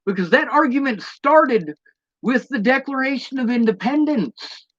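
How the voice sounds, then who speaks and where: A man's voice: very high-pitched, expressive, a little slow, a bit bright, no echo, lo-fi sound. A man delivering a blunt, profane rant as a monologue to camera, throwing out rhetorical questions. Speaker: vlogger.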